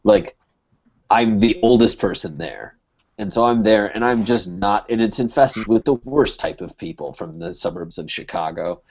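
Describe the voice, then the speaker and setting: A man's voice: lowish voice, expressive, a little mellow. A young man from Connecticut telling a long story in a loose, rambling way, packed with "like" and swearing. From Connecticut, USA. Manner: rambling, fills every pause with "like", swears freely. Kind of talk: casual storytelling on a podcast. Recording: dull lo-fi podcast recording.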